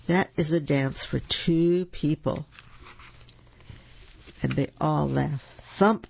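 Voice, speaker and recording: A storyteller reading children's picture books aloud in a slow, gentle and expressive way. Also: mid-range voice, gravelly, husky. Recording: dull lo-fi recording.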